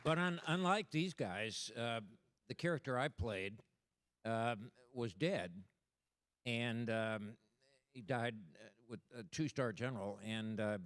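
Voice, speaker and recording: A man on a panel reminiscing hesitantly, with many pauses and fillers. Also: mid-range voice, a bit bright.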